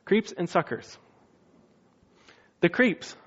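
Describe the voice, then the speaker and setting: A man's voice: sits high, expressive, slow, fairly bright tone, breathy edge, muffled recording. A man preaching a sermon in a casual, conversational way, now and then acting out quotes in funny voices. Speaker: pastor.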